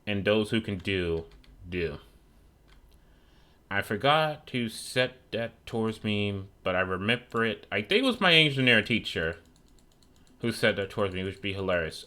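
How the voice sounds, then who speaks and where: A man's voice: lowish voice, lively intonation, normal speed, pauses often, bright, forceful tone. A young man streaming a video game, chatting in a rambling, profane, sarcastic way. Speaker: gaming streamer. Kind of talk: casual chat while gaming.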